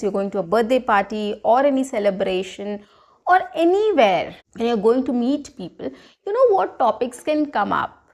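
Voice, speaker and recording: A woman's voice: a little high, darkish tone. A woman giving a casual spoken lesson, coaching viewers in a chatty way and often checking in with "right?". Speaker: English teacher. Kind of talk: spoken English lesson to camera.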